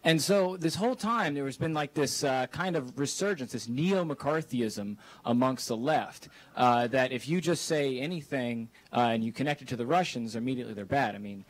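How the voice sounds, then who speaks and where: A man's voice: mid-range voice, normal speed, few pauses. Rambling male audience questioner. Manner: rambling, hesitant phrasing. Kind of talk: asking a question at a public event.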